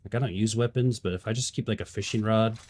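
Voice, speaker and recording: A man's voice: on the low side, fairly even intonation, quick pace, a little mellow, a little hiss or hum. A young man streaming a game, joking around casually and trying out silly animal noises. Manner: goofy, jokey, does animal noises. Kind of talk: casual gameplay commentary.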